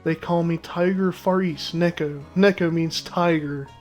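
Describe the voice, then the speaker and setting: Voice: medium pitch, fairly even intonation, unhurried, faint music behind, close to an everyday voice. A gamer voicing a boastful male cat sailor who talks in clipped pidgin phrases mixed with Japanese words. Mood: pompous.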